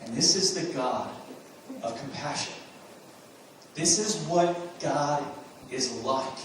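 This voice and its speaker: A man preaches from the pulpit in an earnest voice, slightly high for a man, asking rhetorical questions and pressing points with emphatic bursts. His voice rings through a very echoey sanctuary, picked up from some distance. Faint room hum sits underneath. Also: slow. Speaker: pastor. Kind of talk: sermon.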